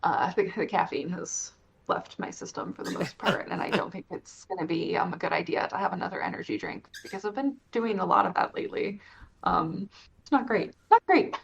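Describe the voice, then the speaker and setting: A tired woman chatting casually as a podcast guest, rambling excitably and swearing freely. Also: fairly low pitch, a little fast, creaky, breathy edge. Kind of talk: casual chat. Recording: dull lo-fi mic.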